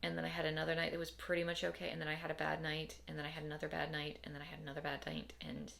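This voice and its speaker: A woman's voice: low-pitched, racing, vocal fry, fairly bright tone. A young adult woman talking casually to camera in a rambling, wry, tired way, often repeating herself. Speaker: vlogger. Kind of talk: casual personal vlog.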